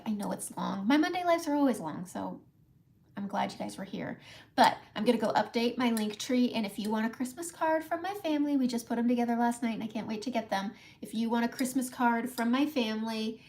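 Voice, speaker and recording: Chatty woman hosting a makeup livestream. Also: a little high. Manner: chatty, laughs often, talks to viewers by name. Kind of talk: casual live makeup tutorial.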